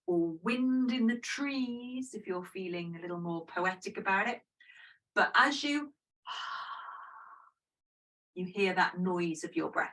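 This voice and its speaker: Gentle woman teaching yoga breathing. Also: on the high side, recorded from a distance, rough recording. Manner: gentle, chatty and self-deprecating. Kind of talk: guided breathing instruction.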